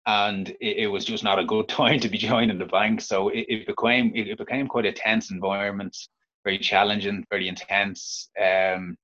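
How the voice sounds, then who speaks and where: A man with a Dublin Irish accent, an interview guest telling his own story frankly, halting and restarting often. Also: lowish voice, flat delivery, fairly bright tone, muffled recording. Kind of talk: candid personal storytelling.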